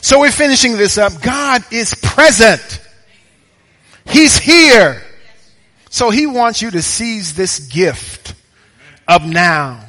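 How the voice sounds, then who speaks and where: High-voiced, bright male preacher. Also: lively intonation, slow, pauses often. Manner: emphatic, repetitive preaching cadence; rhetorical questions to the congregation. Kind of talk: sermon. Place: church.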